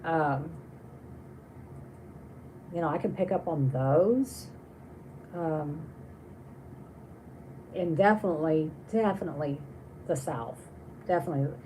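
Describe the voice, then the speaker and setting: Lady on a livestream just chatting, reads comments, kinda rambly, lowish warm voice. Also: slow pace, long pauses, a little hiss or hum, poor audio. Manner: chatty and rambling, with many restarts. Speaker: livestream host. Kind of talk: casual livestream chat, reading viewer comments.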